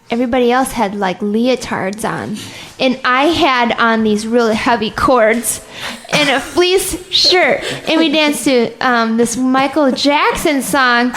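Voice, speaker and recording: A woman with a high, bright-pitched voice tells stories as a podcast guest. She mocks herself in an animated way and laughs often, with plenty of fillers and restarts. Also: a little hiss or hum. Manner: animated, self-mocking storytelling. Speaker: comedian guest. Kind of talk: anecdotal interview chat.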